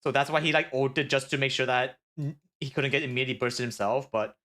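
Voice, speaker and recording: A man streaming, reviewing an esports match in casual, excitable analysis, rambling with many filler words. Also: mid-range voice, quick pace.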